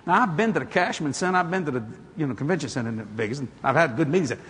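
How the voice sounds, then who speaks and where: Man, preacher, high voice, very lively pitch, folksy storytelling sermon, reverberant hall. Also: racing, slight background noise. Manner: animated, folksy, builds to exclamations. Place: church hall or auditorium. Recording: echoey hall with a congregation.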